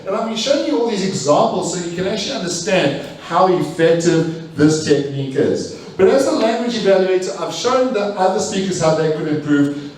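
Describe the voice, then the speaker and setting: A man's voice: high voice, slight background noise. Man giving a speech evaluation, echoey room. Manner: energetic, repeats phrases for emphasis, self-correcting. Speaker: language evaluator at a speaking club. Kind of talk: live speech evaluation to an audience. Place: meeting room with audience. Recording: echoey room, mic far off.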